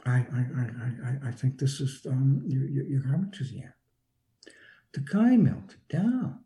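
A man recounting a personal experience in conversational storytelling, halting and full of repeated restarts. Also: big pitch swings, mellow. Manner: acts out quoted lines with shifts in pitch.

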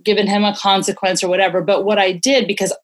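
A woman's voice: mid-range voice, flat delivery, fast. Earnest woman explaining parenting ideas. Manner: earnest, explanatory, many "you know" fillers. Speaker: parenting expert guest. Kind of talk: conversational interview explanation.

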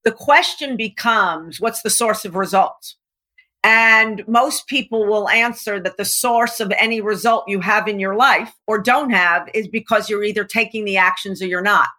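Emphatic middle-aged woman coach, bright. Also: medium pitch, moderate pace. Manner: animated, emphatic, acts out voices. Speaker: guest coach. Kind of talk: podcast interview, coaching talk.

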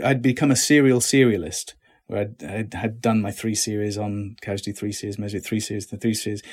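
Brief: middle-aged British man, low husky voice, relaxed interview guest. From Britain. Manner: relaxed, self-deprecating, many restarts. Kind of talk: casual interview chat.

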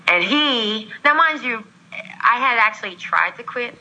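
A woman from Australia, a guest on an interview show, tells a long personal story in an animated way, acting out the voices of the people in it and laughing often. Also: on the high side, measured pace, lo-fi sound.

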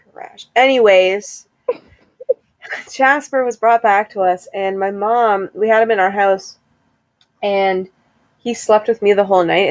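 A young woman chatting casually as a podcast co-host, playful and quick to laugh. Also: mid-range voice, dry recording. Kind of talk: casual chat.

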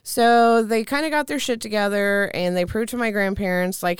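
A woman's voice: mid-range voice, moderate pace, few pauses, clean tone, dry recording, clean studio sound. A young adult woman with a Midwestern American accent, telling her life story in a candid casual chat, swearing freely and laughing often.

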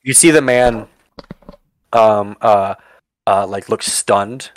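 A man narrating as game master of a tabletop role-playing game, halting with many fillers and restarts. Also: fairly low pitch, fairly even intonation, no echo.

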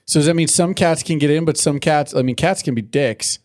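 A man's voice: fairly high pitch, brisk, darkish tone. Joking man riffing on a podcast. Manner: joking, riffing, rambling musings. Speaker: podcast co-host. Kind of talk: crude casual chat.

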